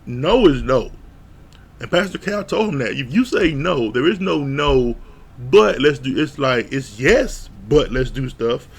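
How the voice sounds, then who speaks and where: A man's voice: medium pitch, big pitch swings, unhurried, vocal fry, slightly rough. A man giving a blunt, profane, casual recap of a reality show, retelling scenes with mock quotes. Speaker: show reviewer.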